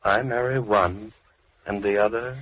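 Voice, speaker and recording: A quiet, sinister recluse with slow, chilling politeness. Low voice, 1940s radio play, dull old broadcast sound. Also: male voice, steady tone, a little hiss or hum. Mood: gently sinister. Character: soft-spoken menacing lonely male recluse. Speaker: villain.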